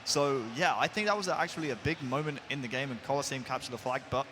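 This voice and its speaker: A man's voice: mid-range voice, fast talker, noisy background. A man working as an esports analyst, giving talkative, thorough breakdowns of the match at an analysis desk.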